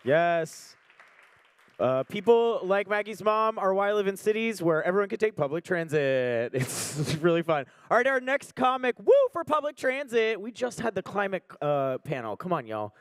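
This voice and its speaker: A man's voice: high-pitched, sing-song, normal speed, smooth. A man hosting a comedy show, upbeat and joking as he urges the crowd to cheer between acts. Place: stage before a live audience.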